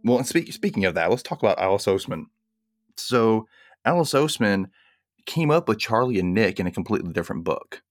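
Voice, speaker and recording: A man co-hosting a casual podcast chat, animated and laughing often as he acts out quotes. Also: lowish voice, brisk, soft background music. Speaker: podcast co-host.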